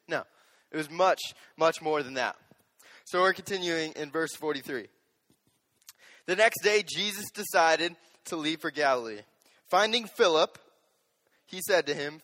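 Young guy youth pastor preaching, bit high voice, playful, echoey hall. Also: normal speed. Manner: animated, joking, talks straight to the audience. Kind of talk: sermon.

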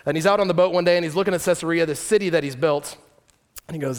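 Male preacher, fairly high voice, animated storyteller who jokes with the crowd. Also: rapid-fire. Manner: lively storytelling with joking asides. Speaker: pastor. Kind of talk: sermon.

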